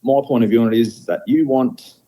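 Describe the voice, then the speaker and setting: A middle-aged Australian man, a firefighter station officer appearing as a guest, talks candidly and bluntly in a conversational interview, using lots of fillers. His mid-range voice is brisk and warm, and the recording quality is low.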